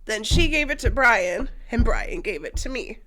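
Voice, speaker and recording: A woman's voice: a little high, lively intonation, moderate pace, pushed and bright. A young woman co-hosting a podcast, candidly telling a personal story, swearing freely and using many fillers. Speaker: podcast co-host.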